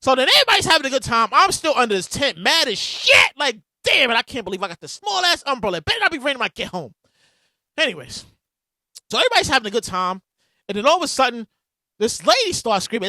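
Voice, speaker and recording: A woman in her thirties hosting a solo podcast, telling stories in a casual, profane, animated way and acting out quotes loudly. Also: high voice, fast, dry recording, studio quality. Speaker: podcast host.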